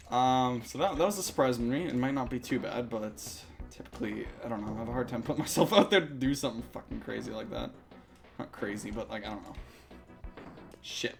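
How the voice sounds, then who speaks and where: A man's voice: medium pitch, vocal fry. A young man chatting casually while playing a game on a live stream, rambling and swearing often.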